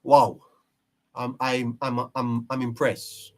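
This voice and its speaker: A man's voice: medium pitch, little pitch movement, slow pace, a little mellow. A man hosting a live-stream political commentary, emphatic and preachy, repeating his phrases for effect. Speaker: live-stream show host.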